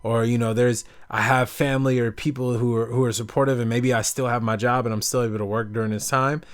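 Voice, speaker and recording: A man's voice: medium pitch, steady tone, fast talker. A young man hosting a podcast, talking casually and rambling with lots of fillers. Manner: rambling, filler-heavy storytelling. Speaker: podcast host. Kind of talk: casual chat.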